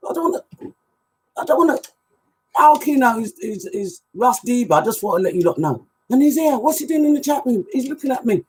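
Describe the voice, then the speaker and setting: A woman hosting a live music show, reading out chat shout-outs in a casual, animated way. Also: fairly high pitch, brisk, hardly any pauses, slightly rough. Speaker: radio show host and DJ. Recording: music playing underneath.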